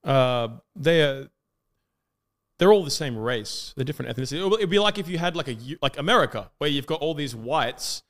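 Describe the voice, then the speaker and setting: A man arguing as a debate guest in a provocative, mocking, rapid-fire way. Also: on the high side, lively intonation, a bit bright. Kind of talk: heated online debate.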